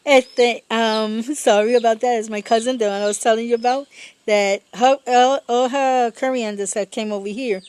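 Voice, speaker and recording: A woman's voice: on the high side, steady tone, moderate pace, a little mellow, clean tone. Chatty woman gardener, laughing often. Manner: chatty and rambling, laughs often, searches for words. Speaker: home gardener. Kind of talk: casual garden vlog. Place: outdoor home garden.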